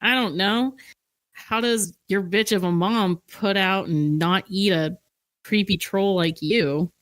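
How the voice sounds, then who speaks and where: A woman's voice: medium pitch, slow pace, no echo, close to an everyday voice. Woman doing a foul-mouthed gnome. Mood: mocking. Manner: crude, mocking insults.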